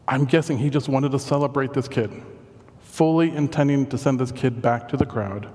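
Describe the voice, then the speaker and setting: A man preaching a sermon as animated storytelling, with self-deprecating asides. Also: medium pitch, moderate pace, long reverb tail. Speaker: pastor.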